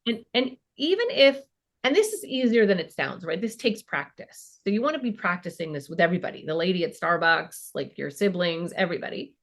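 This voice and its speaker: A woman's voice: on the low side, expressive, fairly quick. A woman in her fifties, a child and family therapist, talking casually as a podcast guest and acting out bits of parent and teen dialogue.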